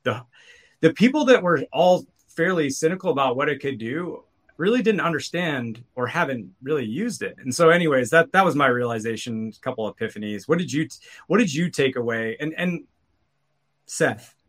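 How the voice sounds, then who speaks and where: A man's voice: on the high side, animated, normal speed, a bit bright. Rambling man on a tech podcast. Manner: rambling, many restarts and fillers. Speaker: podcast co-host. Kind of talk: casual tech podcast chat.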